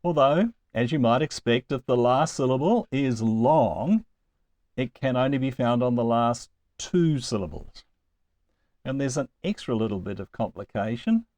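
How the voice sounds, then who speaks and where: Guy teaching greek, lively up and down voice, stretches words out slow, little chuckles. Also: medium pitch, dry recording. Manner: slow, deliberate over example words, with chuckles. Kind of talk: recorded lecture.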